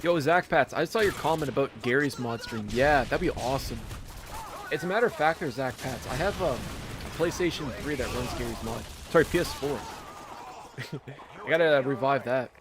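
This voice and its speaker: A man chatting casually with viewers in a relaxed, talkative way while playing online games on a live stream. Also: medium pitch, moderate pace, noisy background. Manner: relaxed, chatty, talks to viewers mid-game.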